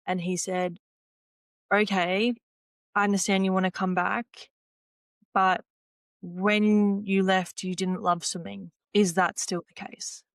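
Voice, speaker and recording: A woman's voice: medium pitch, slow, pauses often, no room sound. A young woman, a former swimmer and podcast guest, talking casually about her past and quoting what she and others said. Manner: retells conversations by quoting herself and others; relaxed, frequent "like" and "you know" fillers. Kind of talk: casual interview storytelling.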